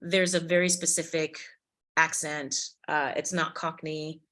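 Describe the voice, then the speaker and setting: A woman actress, a podcast guest, chatting casually in an interview and telling stories in an animated, expressive way. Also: sits low, measured pace.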